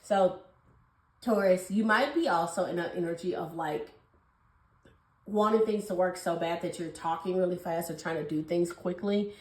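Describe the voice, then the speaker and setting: Young female tarot reader, quick and affectionate delivery, roomy echo. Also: fairly low pitch, darkish tone. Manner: fast, gushing and affectionate, calls viewers babies and honey. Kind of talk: casual tarot reading to camera.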